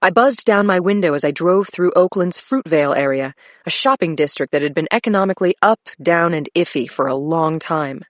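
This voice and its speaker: A woman narrating a crime thriller in a low, steady voice. Her delivery is measured and even. The recording is dry and close. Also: no echo. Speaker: audiobook narrator. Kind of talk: scripted first-person thriller narration.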